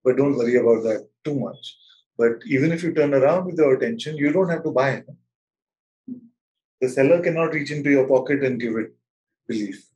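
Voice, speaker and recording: A man leading a spiritual satsang over an online call, speaking gently and slowly with frequent laughter. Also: mid-range voice, muffled recording. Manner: gentle, slow and playful, laughs often. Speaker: spiritual teacher. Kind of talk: satsang talk. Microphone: video call.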